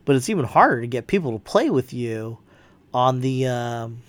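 A man's voice: mid-range voice, animated, normal speed. A man hosting a podcast, retelling a film in a rambling, profane way with lots of fillers and restarts. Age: adult with a young child. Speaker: podcast host. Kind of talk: casual spoken movie recap.

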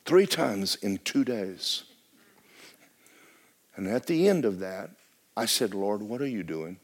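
Male pastor, lively swooping pitch, hushed-to-shouting sermon delivery. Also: slow. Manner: animated preaching, swinging from hushed to shouting. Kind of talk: storytelling sermon. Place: church sanctuary.

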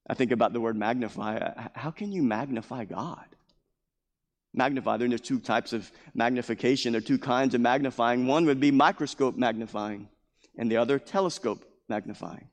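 A man's voice: mid-range voice, normal speed. Man preaching in an echoing hall. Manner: emphatic preaching that repeats key phrases; acts out scripture quotes in a raised voice. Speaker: pastor. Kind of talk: sermon. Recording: long hall reverb.

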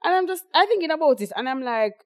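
A woman's voice: high-pitched, lively intonation, fast, no room sound, studio quality. A young woman with a Jamaican accent chatting casually on a podcast, rambling with lots of fillers and quoting what others say. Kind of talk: casual chat.

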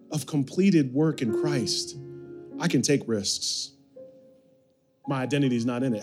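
A pastor delivers a sermon in a fairly high voice, building phrase on phrase and pulling the congregation into call-and-response. A soft guitar plays quietly behind him. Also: male voice. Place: church sanctuary.

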